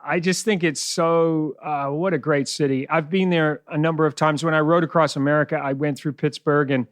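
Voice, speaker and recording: A man's voice: fairly high pitch, steady tone, normal speed, no room sound. Middle-aged kiwi guy with a bit of west indian in his accent, chatty guest telling stories, dry close mic. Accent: mixed New Zealand and West Indian. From New Zealand. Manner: chatty storyteller, laughs often. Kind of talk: casual podcast conversation.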